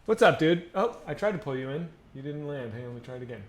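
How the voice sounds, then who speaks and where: A man's voice: a little high, animated, quick pace. A man live-streaming a game and chatting casually with his viewers, rambling and swearing freely. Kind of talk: casual live-stream chat while gaming.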